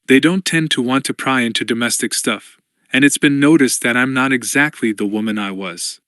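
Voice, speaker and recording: A man's voice: mid-range voice, normal speed, fairly bright tone, dry recording, clean studio sound, natural voice. A man reading the part of a composed, resilient woman who speaks wryly.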